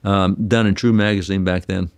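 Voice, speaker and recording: Brief: guest historian, man, lower voice, dry close sound, animated storyteller who restarts phrases. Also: normal speed, dry recording. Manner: animated, repeats words when starting sentences. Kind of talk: interview storytelling.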